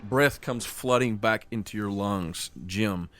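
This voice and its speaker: Low-voiced man running a tabletop game. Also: a bit bright. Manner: slows down for dramatic scene narration. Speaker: game master.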